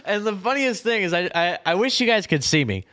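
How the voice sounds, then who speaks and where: A teenage guy chats casually on a family podcast, telling his story with lots of animation. His voice sits fairly high and moves around a lot. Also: sing-song, brisk, sharp tone. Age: teens. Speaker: guest, son of the hosts.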